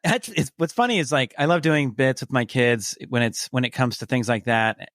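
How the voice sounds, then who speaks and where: A man's voice: mid-range voice, moderate pace, a bit bright, no echo, studio quality. A man guesting on a podcast, a comedian telling funny stories in casual chat. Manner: storytelling, acts out voices in anecdotes.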